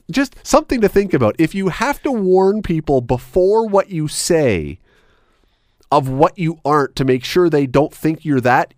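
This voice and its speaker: A radio host with a slightly mellow voice, recorded dry in studio quality, rants about phrases he can't stand. His delivery is emphatic and sarcastic, with wide swings in pitch: an opinionated talk radio rant.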